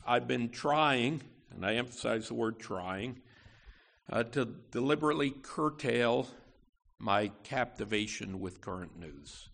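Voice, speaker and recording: A man preaching a sermon as pastor, emphatic, with wide swings in pitch and loudness. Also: gravelly.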